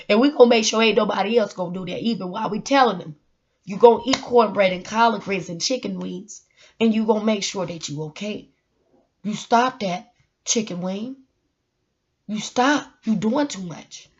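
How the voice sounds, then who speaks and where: A woman's voice: mid-range voice, fairly bright tone, a little hiss or hum. A woman in her twenties, joking through a mock prayer in a preacher's cadence and then giving a casual pep talk with repeated calls to the Lord. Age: 20s. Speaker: vlogger. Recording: dull lo-fi recording.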